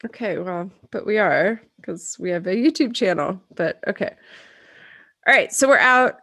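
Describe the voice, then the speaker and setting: A woman's voice: mid-range voice, expressive, moderate pace, pushed and bright, no room sound, clean studio sound. Chatty woman podcast co-host. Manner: chatty storyteller, talks through a dental retainer. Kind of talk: casual chat and read ad. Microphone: video call.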